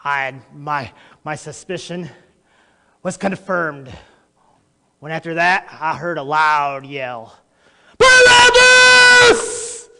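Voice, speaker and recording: A man's voice: fairly high pitch, slow pace, long pauses, sharp tone, exaggerated voice. A man acting a notorious, boastful male criminal in a theatrical monologue, addressing the audience directly. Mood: agitated. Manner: boastful, erratic, talks straight to the audience. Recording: long echoey hall reverb.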